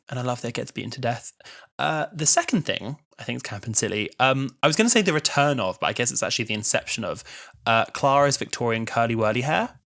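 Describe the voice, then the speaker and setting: A man in his twenties co-hosting a casual podcast, animated and chatty, laughing often. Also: mid-range voice. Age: 20s. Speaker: podcast co-host.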